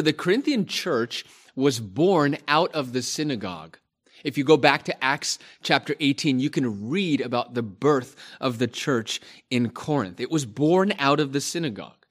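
A man delivers a sermon from the pulpit. His voice sits a bit high and he speaks slowly and deliberately. He leans on repeated phrases to drive each point home. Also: a bit bright. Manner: slow and emphatic, repeating phrases for stress. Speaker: pastor.

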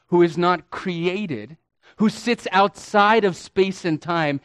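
A man preaching a sermon as a pastor, teaching with deliberate emphasis and stretching key words, calling his listeners beloved and friends. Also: high-pitched, no room sound, clean studio sound.

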